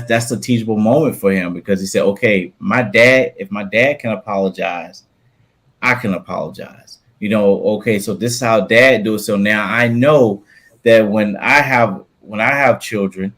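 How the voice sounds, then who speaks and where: Low-voiced man reflecting thoughtfully. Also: fairly bright tone. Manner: thoughtful, builds points by repetition. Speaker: panel guest. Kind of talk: reflective talk-show comment.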